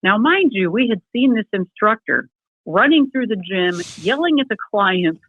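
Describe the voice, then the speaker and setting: A middle-aged woman, a guest in an interview, telling her personal story in a lively way and acting out the people she quotes. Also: mid-range voice, normal speed, no room sound. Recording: tinny phone-like remote call, dry.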